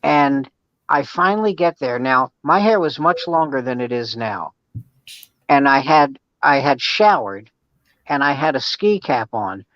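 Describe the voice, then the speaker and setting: An older man, a comedian, telling a story in a loose, profane, animated way during a casual chat. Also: medium pitch, unhurried, no room sound. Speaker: comedian guest. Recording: dull, dry sound.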